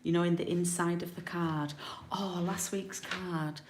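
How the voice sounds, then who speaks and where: A woman's voice: on the low side, fairly even intonation, a little slow, a little hiss or hum. A woman from the UK demonstrating card making in a chatty live tutorial, thinking aloud as she works. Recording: roomy home recording.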